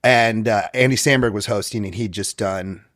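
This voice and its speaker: Animated storytelling man in his thirties. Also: fairly low pitch, normal speed, dry recording, studio quality. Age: 30s. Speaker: guest comedian. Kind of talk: casual podcast chat, storytelling.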